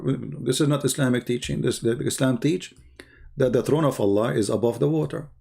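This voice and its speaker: A man's voice: mid-range voice, normal speed, vocal fry, darkish tone. A man with giving mocking, sarcastic commentary on video clips. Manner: sarcastic, repeats words for effect, non-native phrasing.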